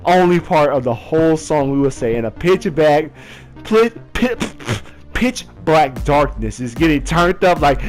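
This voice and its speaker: A lively young man with a fairly high voice tells a story, laughing often and jumping into voices and chants. His delivery is loose and chatty, with faint music under him. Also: moderate pace. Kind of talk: casual storytime vlog.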